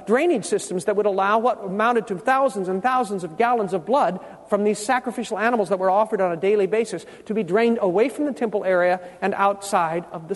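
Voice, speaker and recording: A man with a strikingly high voice preaches a sermon, stopping often to quiz his congregation with questions. He repeats key words slowly to stress them. His voice carries a long reverb, as if it fills a big church sanctuary. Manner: teaching, quizzes the congregation with questions.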